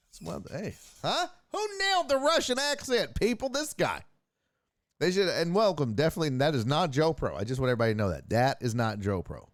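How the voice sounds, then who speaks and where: A man's voice: high-pitched, very animated, normal speed, dry recording. A man hosting a casual streamed sports talk show, joking profanely and reacting to chat messages. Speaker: host.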